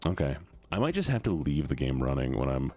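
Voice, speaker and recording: A man's voice: extremely low pitch, sing-song, a little fast, darkish tone, soft background music. A young man from the US Midwest, chatting playfully and rambling to his chat while gaming on a live stream.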